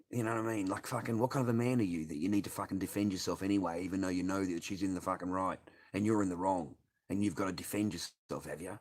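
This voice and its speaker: A man's voice: low voice, fairly even intonation, fast talker, a little mellow. A middle-aged man, hosting a casual livestream, reading and answering chat with constant swearing and sarcasm.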